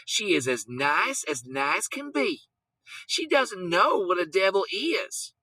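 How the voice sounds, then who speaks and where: An earnest young farm girl, put on by a man reading aloud. Her voice sits high and lively and sounds sincere and pleading. The room is dry and close. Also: slow pace, no echo, heavily acted.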